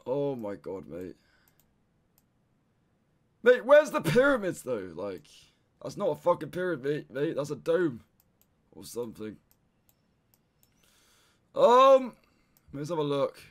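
Animated young man streaming, cursing. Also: on the high side, takes it slowly, pauses often. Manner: frustrated, swears a lot, says "mate" constantly. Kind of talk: casual live-stream gameplay commentary.

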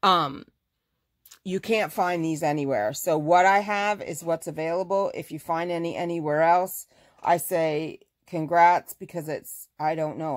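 Gushing, chatty woman, a fabric shop owner, showing her stock in a relaxed live showcase. Her voice sits a little low. The sound is dry and close, and she stops to correct herself as she goes. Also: dry recording. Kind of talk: casual live product showcase.

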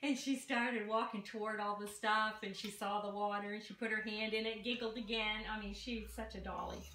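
A woman's voice: mid-range voice, flat delivery, moderate pace, pushed and bright. Chatty sixty-year-old woman in an echoey kitchen. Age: 60s. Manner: chatty, folksy, talks straight to viewers. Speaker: home cooking vlogger. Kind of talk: casual cooking chat to camera. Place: home kitchen. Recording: echoey kitchen with clear background noise.

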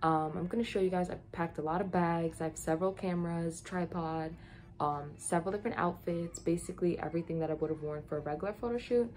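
A young woman chatting casually to her camera as a vlogger, excited and full of fillers. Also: on the low side, fast. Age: young adult. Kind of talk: casual vlog talk to camera. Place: in a car, then on a college campus.

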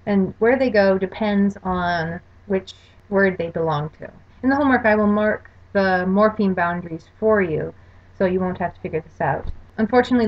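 A woman teaching a language lesson over a slide show, explaining rules carefully and spelling out examples. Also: mid-range voice. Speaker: language course lecturer. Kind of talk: recorded lecture over slides. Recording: dull lo-fi recording.

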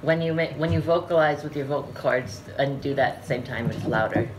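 A man hosting a casual home baking video, making dry, deadpan quips. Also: mid-range voice, fairly quick. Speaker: channel host. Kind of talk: casual chat while baking. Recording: noisy home recording.

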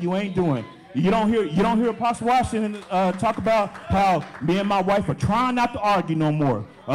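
A man's voice: high-pitched, a little mellow. A young adult man, a deacon, preaching a sermon with emphatic, repeated phrases.

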